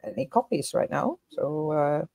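Woman guest, gravelly and raspy, hesitant and shy, lively pitch. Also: normal speed, crowd noise. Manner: hesitant, laughs shyly. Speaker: guest artist. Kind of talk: casual chat on a hobby stream.

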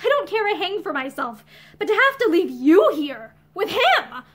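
A woman's voice: extremely high pitch, sing-song, moderate pace, voice pushed up. A woman voicing a worldly young woman, breezy and mocking.

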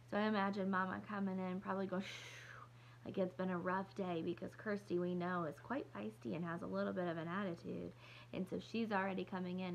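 A woman teacher reading a novel aloud to her class in a relaxed way, with fillers as she thinks aloud. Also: lowish voice, gravelly, a little hiss or hum.

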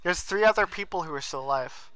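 A man's voice: sits high, lively intonation, fast, a crowd in the background, low-quality recording. A young man chatting casually while playing a video game, swearing often and breaking into outbursts. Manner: swearing, laughing, loud outbursts. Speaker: gamer. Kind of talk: casual gameplay chat.

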